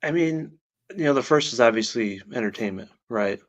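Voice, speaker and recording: A male author answering interview questions in an earnest, measured, explanatory way, heard over a video call. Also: mid-range voice, animated. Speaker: guest author. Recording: dull lo-fi video call audio.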